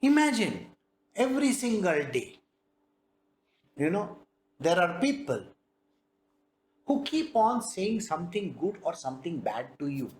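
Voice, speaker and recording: Animated woman teaching a spiritual discourse. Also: lowish voice, measured pace, long pauses. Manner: lively, animated teaching with rhetorical questions. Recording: roomy echo.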